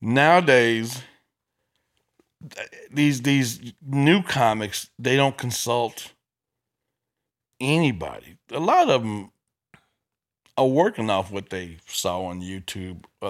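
A man who is a stand-up comedian, telling stories in casual chat, animated and profane, acting out the people in his stories. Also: medium pitch, a little slow, long pauses.

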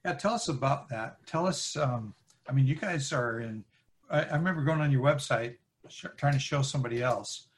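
A male podcast host leads the interview with easy, affirming questions. His voice sits at an ordinary middle pitch and he keeps the talk conversational. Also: moderate pace.

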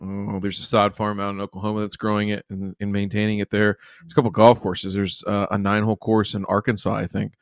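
Lowish-voiced male host, chatty and enthusiastic, dry close sound. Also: completely flat delivery, creaky, no room sound. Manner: enthusiastic, chatty, quick to joke. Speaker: podcast host. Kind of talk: casual chat.

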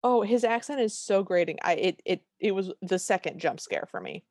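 A woman in the middle range of pitch, recapping a film over a dry, close microphone with no room sound. She talks casually and playfully and slips into goofy character voices as she retells scenes. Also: lively intonation, a little mellow, no echo. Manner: playful, quick to jump into silly voices while retelling scenes. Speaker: podcast co-host.

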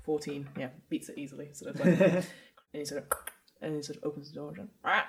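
Low-voiced woman running a tabletop game. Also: steady tone, fast, vocal fry, mellow. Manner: chatty narration with frequent laughter. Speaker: game master.

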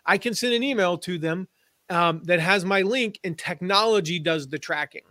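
A man's voice: high voice, normal speed, sharp tone, no room sound. Chatty man with a dry, close sound. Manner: chatty storyteller, slips into playful put-on voices. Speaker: guest, affiliate marketing expert. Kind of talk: conversational podcast interview.

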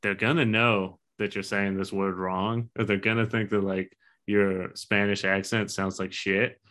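A man's voice: on the low side, little pitch movement, measured pace, fairly bright tone. A man in his thirties co-hosting a casual podcast chat, talking in a loose, profane way and laughing as he tells stories. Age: 30s. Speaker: podcast co-host.

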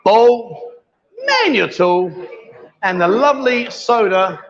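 A high-voiced, expressive man takes his time as he hosts a casual livestream from a busy bar with a pool table. Chatty and teasing, he calls everyone darling over bar crowd chatter, in dull lo-fi livestream audio.

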